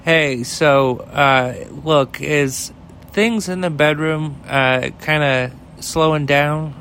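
A man's voice: on the high side, takes it slowly, fairly bright tone, a little hiss or hum. A man hosting his own show, giving blunt, profane commentary on the news and reading sponsor ads in a casual, offhand way. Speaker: host.

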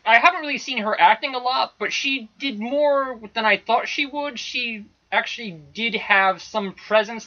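A guest on a casual movie review podcast, giving brief, measured opinions. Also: mid-range voice, bright, forceful tone. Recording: dull lo-fi recording.

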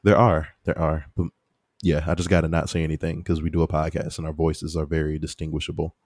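A man's voice: extremely low pitch, level tone, quick pace, darkish tone, no echo, studio quality. A man co-hosting a podcast in casual, rambling chat, laughing often. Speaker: podcast co-host.

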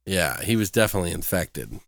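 A man's voice: deep voice, sing-song, fast talker, a bit bright, no echo. A man co-hosting a casual podcast chat, rambling and swearing freely, laughing often between points. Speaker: podcast co-host.

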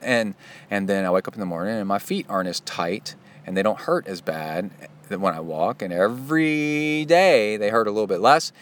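A man's voice: on the low side, a bit bright. A middle-aged man hosting a podcast, talking in a chatty, self-deprecating way that wanders off into side stories. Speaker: podcast host. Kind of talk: casual rambling podcast monologue.

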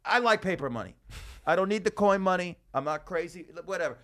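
A man's voice: sits high, a little fast. A man from Las Vegas, a comedian and podcast host, telling stories and ranting in a casual chat. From Las Vegas, USA. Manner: animated ranting storyteller.

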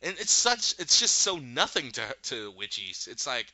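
A man's voice: medium pitch, very animated, moderate pace, pushed and bright, dry recording, dull audio. A man casually recapping a show, animatedly retelling scenes and acting out the characters' lines. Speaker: podcast host recapping a show.

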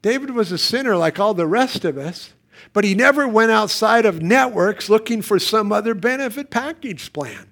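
High-voiced preacher with dramatic swings. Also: male voice, normal speed. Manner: lively preaching with sudden loud emphatic bursts and quiet drops. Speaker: pastor. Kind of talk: sermon.

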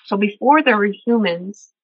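A woman's voice: mid-range voice, animated, normal speed, breathy edge, no echo. A woman storyteller reading a traditional animal tale aloud and reflecting earnestly on its lessons. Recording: dull, dry recording.

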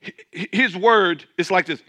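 A man's voice: sits high, moderate pace, bright, forceful tone. A man preaching a sermon as pastor, emphatic, repeating words as he restarts and calling out to his listeners. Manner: calls out to the congregation.

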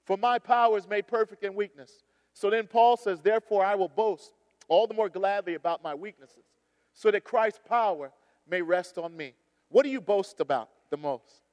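Male pastor preaching in a church sanctuary; dynamic delivery, booming then soft, long reverb behind him. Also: normal speed. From United States. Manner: dynamic preaching, swinging between loud emphasis and hushed storytelling. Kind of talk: sermon.

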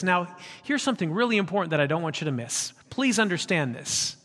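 A man's voice: sits high, big pitch swings, a little fast, hardly any pauses, a bit bright. A male pastor preaching a sermon in an emphatic, conversational way. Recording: long hall reverb.

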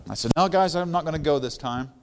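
A middle-aged man, a guest pastor, telling his own story in a conversational sermon and growing louder and more fervent as he preaches. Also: a little high, fast, background noise.

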